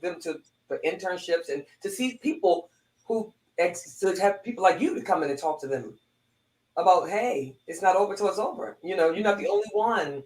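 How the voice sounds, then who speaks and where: A woman's voice: on the low side, lively intonation, moderate pace, darkish tone, roomy sound, rough recording. A woman, a former police corporal, telling a heartfelt personal story with lots of restarts and repeats.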